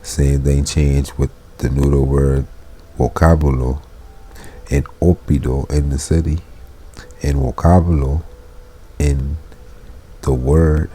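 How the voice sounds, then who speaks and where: Deep, dark-voiced man, unhurried; reads Latin slowly, then explains it informally. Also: fairly even intonation, slightly rough. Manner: informal, chuckles while explaining. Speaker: Latin teacher. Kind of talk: casual Latin lesson.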